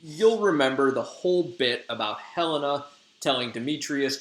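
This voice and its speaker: A man's voice: mid-range voice, lively intonation, normal speed. Chill guy teacher retelling a story, lots of ums and likes, echoey room. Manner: slangy, conversational, lots of fillers. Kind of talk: casual lesson retelling a play.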